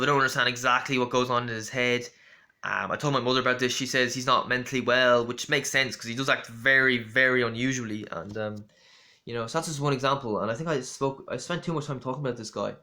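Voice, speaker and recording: A man's voice: mid-range voice, steady tone, fairly quick, bright, forceful tone. A young man rambling through a casual storytelling monologue with lots of fillers and restarts. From Ireland. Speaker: vlogger.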